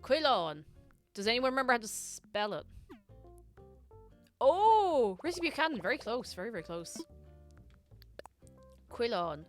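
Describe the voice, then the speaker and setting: A woman's voice: on the high side, very animated, unhurried, long pauses, faint music behind. Chatty Irish woman streaming a game. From Ireland. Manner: chatty, scatterbrained, talks to chat. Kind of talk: casual gaming stream chat.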